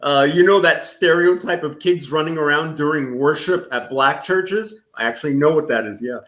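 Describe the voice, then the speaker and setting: A man co-hosting a live stream, relaxed and chuckling as he reads chat comments aloud. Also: on the high side, moderate pace. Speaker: co-host reading the live chat.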